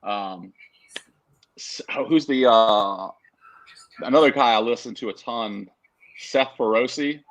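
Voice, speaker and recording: A man's voice: mid-range voice, slow pace, long pauses, poor audio. A man joining a casual interview as the guest over a video call. He talks in an easygoing way, with lots of fillers and easy laughs. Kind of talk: casual chat.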